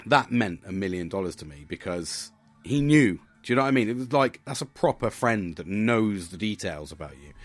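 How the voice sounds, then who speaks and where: A man, the host of a podcast, talking through a casual reflective monologue, chatty and swearing freely, often asking "do you know what I mean". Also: fairly low pitch.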